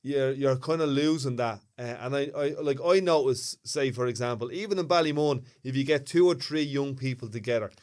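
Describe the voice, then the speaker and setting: Northside dublin guy on a podcast, lively storyteller, casual chat. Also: medium pitch, a little fast, few pauses. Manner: animated storyteller, puts on voices when quoting. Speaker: podcast co-host.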